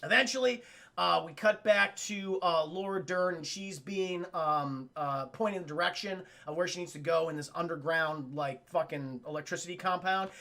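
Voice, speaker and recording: Guy streaming a movie recap, bright tone, swears a lot, super animated. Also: on the high side, normal speed. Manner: profane, animated retelling with acted-out lines. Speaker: streamer reviewing a film. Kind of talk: casual live-stream recap.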